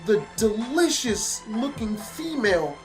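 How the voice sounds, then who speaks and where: A man telling a funny personal story for his vlog, animated and emphatic, swinging between loud outbursts and low mutters. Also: takes it slowly, soft background music. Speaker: storytelling vlogger.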